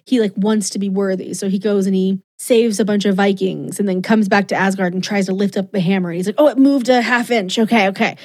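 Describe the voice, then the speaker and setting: A young woman chatting casually on a podcast, gushing and emotional as she retells a story. She laughs often and sounds close to tears. Her pitch sits in the middle of the range. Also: little pitch movement, fast talker, hardly any pauses, darkish tone. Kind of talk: casual chat.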